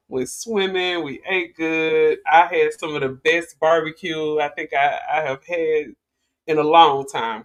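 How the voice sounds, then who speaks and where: Woman vlogger chatting to her viewers, rambly and casual, lots of restarts. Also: on the low side. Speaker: vlogger host. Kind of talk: casual commentary vlog.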